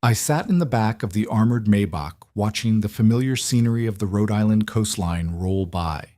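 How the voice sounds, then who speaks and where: A man narrating a scripted first-person drama story in a steady, dramatic way. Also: lowish voice, moderate pace, dry recording.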